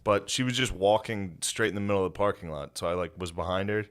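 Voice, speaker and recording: A man co-hosting a comedy podcast, telling profane stories and acting out the people in them in shrill voices. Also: fast, a bit bright, smooth. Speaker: podcast co-host. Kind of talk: casual comedic chat.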